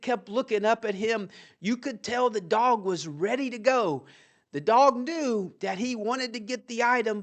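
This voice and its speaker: A storyteller telling a plain-spoken inspirational tale with a homely, folksy manner. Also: mid-range voice.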